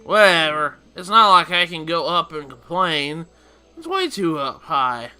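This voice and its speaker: A man's voice: a little high, sing-song, unhurried, pushed and bright, clear, resonant tone, faint music behind, full character voice. A man reading out the lines of a grumpy, weary video game shopkeeper in a grumbling, sarcastic way.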